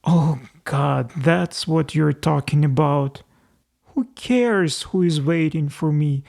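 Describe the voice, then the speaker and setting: A man's voice: on the high side, slow pace, vocal fry, darkish tone. A man voicing a young woman, a frightened and tearful sweetheart, in an audiobook reading. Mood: pleading.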